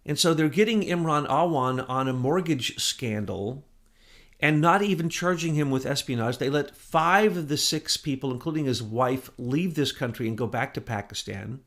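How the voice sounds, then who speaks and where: A man giving impassioned political commentary as co-host, with loud, emphatic bursts that rise and fall. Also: mid-range voice, lively intonation, normal speed.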